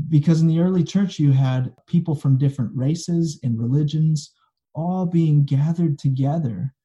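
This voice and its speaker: A man's voice: fairly high pitch, dark tone, lo-fi sound. A man, a pastor, preaching a sermon in a conversational, folksy storytelling manner, recorded for an online video.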